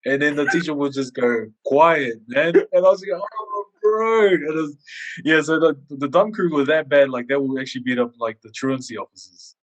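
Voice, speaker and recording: A man's voice: mid-range voice, fairly quick, low-quality recording. A man co-hosting a casual podcast chat, telling stories animatedly and acting out quoted lines. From Samoan community in New Zealand. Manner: animated storyteller who acts out quotes. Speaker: podcast co-host.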